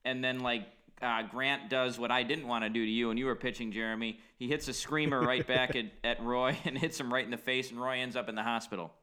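A man's voice: medium pitch, fairly even intonation, a little fast, few pauses, sharp tone. A man co-hosting a casual podcast, retelling a film's plot in a loose, conversational way with many fillers. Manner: loose, uses many fillers, sympathetic asides. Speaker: podcast co-host. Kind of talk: casual movie recap chat.

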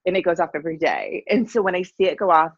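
A playful podcast co-host in casual chat, quick to laugh. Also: mid-range voice, expressive, husky, dry recording, muffled recording.

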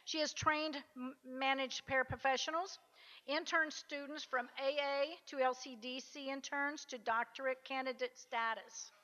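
Woman presenter, high bright voice, reads a tribute at a podium, dull echoing hall sound. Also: steady tone, unhurried. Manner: reads out a tribute, with asides to the audience. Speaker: award presenter. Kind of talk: speech at an awards luncheon. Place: conference luncheon hall.

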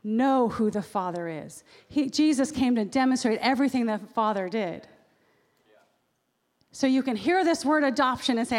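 A woman pastor giving a sermon in a church, lively and acting out the voices she quotes. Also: on the high side, moderate pace. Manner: animated, acts out quoted voices. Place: church sanctuary. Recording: long reverb of a large hall.

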